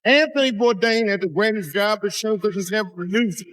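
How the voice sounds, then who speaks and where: A man doing a stand-up comedy set, telling profane stories with big swings in pitch and volume. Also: brisk, hardly any pauses, no echo, rough recording. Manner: profane storytelling with wide swings in pitch and loudness. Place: comedy stage.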